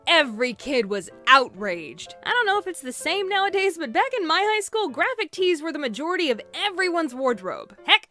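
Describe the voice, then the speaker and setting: A woman's voice: sits high, pushed and bright. A young woman giving scripted comedic storytime narration, sarcastic and playful, with asides to the viewers.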